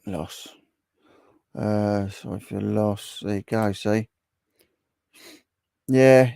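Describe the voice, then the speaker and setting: A man's voice: fairly low pitch, steady tone, drawn-out words, vocal fry, long pauses, mellow, clear, resonant tone, no echo, clean studio sound. A man hosting a casual livestream, reading viewer comments aloud and chatting with them in a bantering, repetitive way. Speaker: livestream host.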